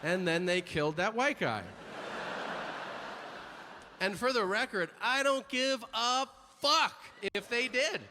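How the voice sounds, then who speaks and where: Animated stand-up comic in a live hall. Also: male voice, slow pace, pauses often. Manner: animated, jumps into high-pitched voices for quoted people. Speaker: stand-up comedian. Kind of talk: stand-up comedy routine. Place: comedy club stage. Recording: live in a reverberant hall with audience noise. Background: audience laughter.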